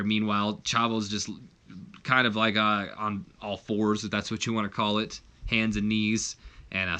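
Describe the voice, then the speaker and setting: Guy going through a wrestling sim game playthrough, chatty, lots of uh and you know, bright voice. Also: on the low side. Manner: chatty, recapping with fillers. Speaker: video game commentator. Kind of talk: casual game playthrough narration.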